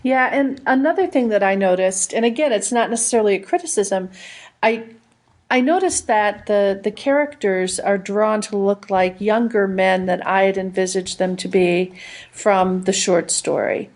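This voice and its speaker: A woman's voice: mid-range voice, normal speed, darkish tone. A woman co-hosting a comics review podcast, talking things through in a thoughtful, casual way with frequent restarts. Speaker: podcast co-host.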